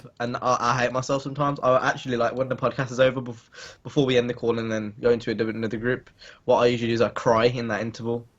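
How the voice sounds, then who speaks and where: A man's voice: medium pitch, level tone, fast talker. A young man chatting and joking on a casual podcast over a voice call. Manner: joking, goofy, breaks into laughter. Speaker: podcast co-host. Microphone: computer mic on a voice call. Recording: dull lo-fi call audio.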